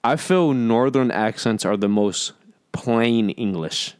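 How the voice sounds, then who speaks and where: A man's voice: mid-range voice, takes it slowly, a little mellow, clean tone, no echo. Earnest young man, dry close sound. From New York. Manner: earnest, explains his views at length. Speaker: podcast co-host. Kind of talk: casual chat.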